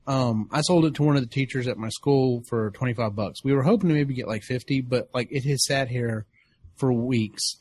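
A man co-hosting a podcast in casual chat, relaxed and telling anecdotes by quoting himself. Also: medium pitch.

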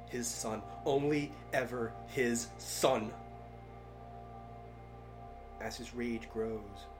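A man reading dark fiction aloud in a measured, grave delivery. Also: on the low side.

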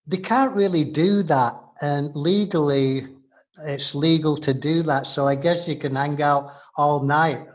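A man's voice: a little high, a little slow. An Englishman co-hosting a show, explaining things in casual chat, often laughing. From England.

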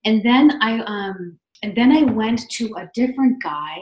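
A woman in her fifties, a podcast guest telling her story in a chatty, animated way. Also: fairly high pitch, unhurried. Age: 50s. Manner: chatty, animated, acts out quotes. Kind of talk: casual storytelling. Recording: echoey room.

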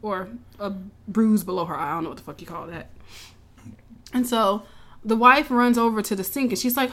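A woman recapping a show in casual, animated storytelling, swearing freely and acting out the characters' lines. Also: mid-range voice, fairly quick. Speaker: podcast co-host recapping a show.

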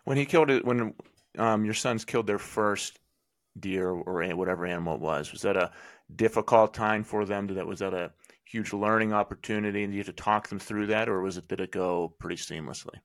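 A man hosting a podcast interview, asking questions and chatting in a relaxed, hesitant way with fillers. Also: on the low side, brisk. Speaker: podcast host. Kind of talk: casual interview.

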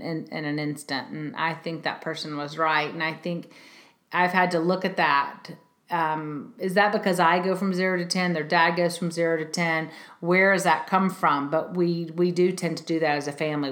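A middle-aged woman hosting a podcast, telling candid stories in a casual, animated way. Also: fairly low pitch. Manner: candid, animated storytelling with laughs. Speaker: podcast host. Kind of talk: confessional casual talk.

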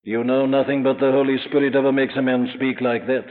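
A man's voice: mid-range voice, little pitch movement, fairly quick, narrow, tinny audio. A man preaching a sermon, earnest and emphatic, speaking directly to the listener and climbing to impassioned peaks.

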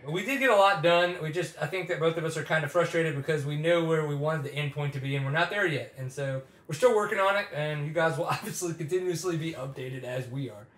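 A man's voice: a little high, fast, few pauses, fairly bright tone. A man co-hosting a casual chat, laid-back and rambling, with plenty of fillers. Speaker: podcast co-host. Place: home garage. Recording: echoey room.

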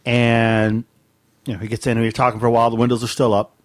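A man's voice: fast talker, dry recording. A man co-hosting a podcast, telling a funny family story in a casual way, laughing often and acting out the screams. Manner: animated, laughs often, mimics screams in a high voice. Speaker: podcast co-host.

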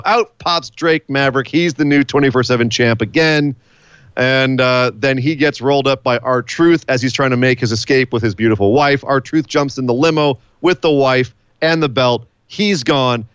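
A man co-hosting a casual wrestling podcast, excitable and quick to laugh as he recaps the show. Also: mid-range voice, clean tone, no echo. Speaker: podcast co-host. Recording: dry, slightly dull lo-fi sound.

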